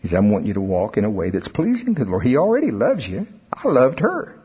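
A middle-aged preacher, delivering an animated sermon that rises into emphatic outbursts. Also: male voice, on the low side, quick pace. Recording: husky voice in a long-reverb hall, dull sound.

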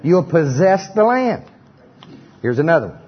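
A man's voice: on the high side, normal speed, dull audio. A middle-aged man preaching and leading a congregation in repeated lines, with joking asides. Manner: animated, joking asides, leads congregation in repetition. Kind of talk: sermon with call-and-response.

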